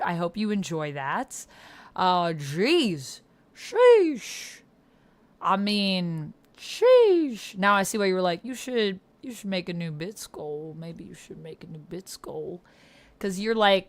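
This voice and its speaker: A woman streamer chatting casually on a livestream, effusively thanking viewers with excited outbursts. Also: medium pitch.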